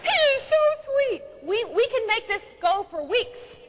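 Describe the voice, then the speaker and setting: A woman's voice: extremely high pitch, lively intonation, unhurried, big-room sound, noisy background, voice pushed up. A woman voicing a thrilled wife gushing to her friends on the phone. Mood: giddy.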